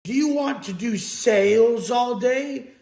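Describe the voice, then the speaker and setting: A man's voice: very high voice, slow, a little mellow, roomy sound. A man giving a blunt, profane motivational talk as a coach, preaching to his audience.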